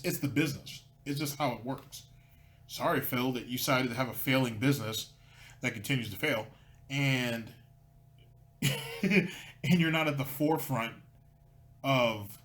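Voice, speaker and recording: A man's voice: on the high side, a bit bright. A man hosting a reaction commentary, sarcastic and needling, rambling as he mocks. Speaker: commentary host.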